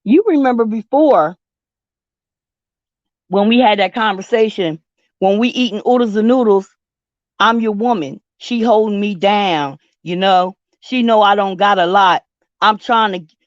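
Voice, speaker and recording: A woman hosting a casual live-stream chat, sassy and drawn-out, talking back to her chat. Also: mid-range voice, no echo, dull audio. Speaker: host.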